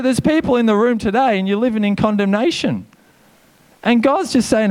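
A man delivers a sermon with a fairly high voice. He preaches with energy and a casual, chatty manner, dropping quick asides to the congregation. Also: a little mellow. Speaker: pastor.

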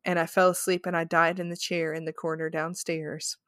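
Woman putting on a rasping ghost voice, grumpy old man, eerie, low. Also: flat delivery, fairly quick, fairly bright tone, no echo, clean studio sound. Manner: exaggerated spooky reading voice.

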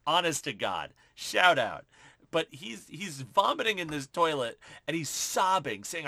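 A man co-hosting a podcast, casually recapping a movie with profane, animated retellings of scenes and quoted lines. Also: fairly high pitch, a little slow, no echo. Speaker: podcast co-host. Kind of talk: casual film recap chat.

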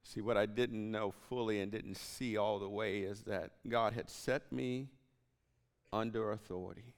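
A man's voice: lowish voice, steady tone, measured pace, smooth. A man preaching a sermon as pastor, telling a personal story and dropping to whispered asides. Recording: long hall reverb.

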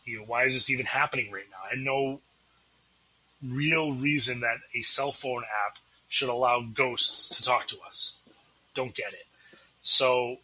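A man's voice: mid-range voice, sharp tone, slightly rough, rough recording. A man with a Massachusetts accent, a paranormal investigator, telling a story and acting out the dialogue as a podcast guest.

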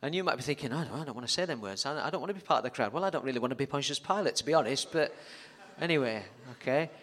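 A man's voice: mid-range voice, lively intonation, rapid-fire, a bit bright. A man preaching a sermon as pastor, telling the story dramatically and joking with the congregation. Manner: dramatic storytelling, jokey asides to the audience. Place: church hall. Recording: echoey church hall reverb.

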